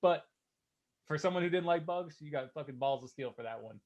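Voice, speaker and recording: A man's voice: fairly high pitch, fairly quick, darkish tone, lo-fi sound. A man with a Detroit accent hosting a podcast, telling a story in casual profane chat and laughing through it. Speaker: podcast host. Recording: noticeable background noise.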